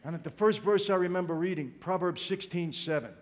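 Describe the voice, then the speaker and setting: A man's voice: high voice, fairly quick. A man giving an emotional religious testimony, speaking straight to his audience and calling them "people". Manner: emotional, direct, addresses listeners as "people".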